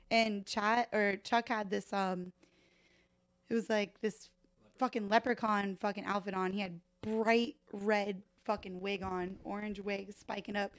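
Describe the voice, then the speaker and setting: Thirties woman, bartender guest, loud and salty storyteller, dry room tone. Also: mid-range voice, dry recording. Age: 30s. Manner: animated, profane, laughs often, acts out voices in anecdotes. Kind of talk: casual podcast storytelling. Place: podcast live stream room.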